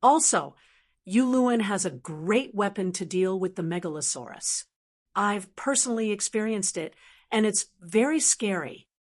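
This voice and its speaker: A woman's voice: mid-range voice, lively intonation, unhurried. Woman reading as a shrewd young island heiress. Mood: confident. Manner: confident, persuasive. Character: shrewd, confident young female sea lord's heir. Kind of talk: audiobook narration.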